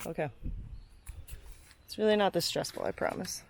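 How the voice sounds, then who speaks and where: A young woman vlogs a solo tutorial outdoors by her car, her lowish voice carrying vocal fry at a normal speed over a little hiss or hum. Chatty and self-deprecating, she swears and laughs while working, slightly out of breath, filming with a handheld camera that drifts off frame.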